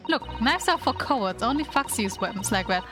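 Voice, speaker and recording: A woman's voice: fairly high pitch, expressive, a little fast, natural voice. A woman voicing a cocky young female pickpocket who talks back in streetwise slang over game music. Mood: defiant.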